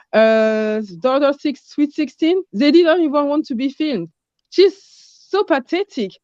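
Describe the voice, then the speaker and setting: Blunt French-accented woman caller, slightly high voice, dull dry line. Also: darkish tone, dry recording. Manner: blunt, searching for English words. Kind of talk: casual chat.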